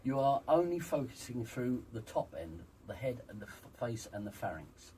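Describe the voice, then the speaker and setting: Male vocal coach, emphatic, lively delivery, slightly off-mic. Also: mid-range voice, moderate pace, recorded from a distance, a little hiss or hum, poor audio. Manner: emphatic, demonstrates vocal sounds. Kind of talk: interview, teaching voice exercises.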